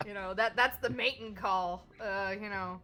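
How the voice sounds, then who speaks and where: A woman streamer from Kentucky chatting casually, with a slight stutter and quick restarts. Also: medium pitch, sharp tone. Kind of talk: casual chat.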